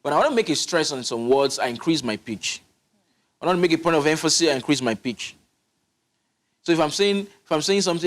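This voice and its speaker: A man's voice: a little high, lively intonation, fast talker. A man, a public speaking coach, explaining his methods emphatically in a studio interview, often restarting his sentences. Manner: instructive, emphatic, with frequent restarts.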